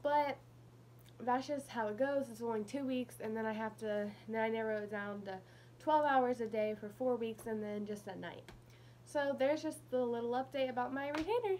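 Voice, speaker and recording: A woman's voice: on the high side, normal speed, a little mellow, slight background noise. A young woman with a lisp talking casually through a retainer in a personal vlog update. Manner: chatty, slightly mumbled with a retainer in. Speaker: vlogger.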